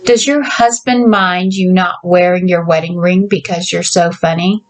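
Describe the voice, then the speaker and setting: A woman's voice: on the low side, fairly even intonation, moderate pace, close to an everyday voice. A woman voicing a grumpy, embarrassed young man with a broken leg, speaking curtly. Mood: annoyed. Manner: curt, annoyed.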